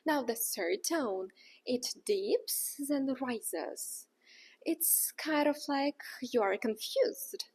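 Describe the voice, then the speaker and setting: A woman teaching in a scripted lesson dialogue, acting out sounds with exaggerated pitch. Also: expressive, extremely slow, a little mellow, slightly rough. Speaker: language teacher.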